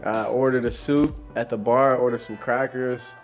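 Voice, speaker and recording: A man's voice: mid-range voice, fairly even intonation, moderate pace. A young man casually telling a story, laid-back and slangy, with light music behind. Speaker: vlogger.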